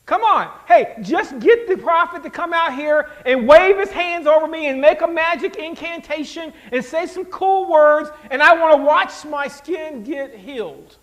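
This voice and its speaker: Man doing a proud commander voice, very high and indignant, loud complaining. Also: lively intonation, a little slow, hardly any pauses, heavily acted. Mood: scornful. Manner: scornful, complaining outbursts. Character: huffy proud male army commander, indignant.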